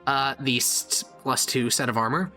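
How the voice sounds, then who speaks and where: Bright-voiced joking male game master. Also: mid-range voice, moderate pace, faint music behind. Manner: joking, swears, laughs often. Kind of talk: casual tabletop game chat.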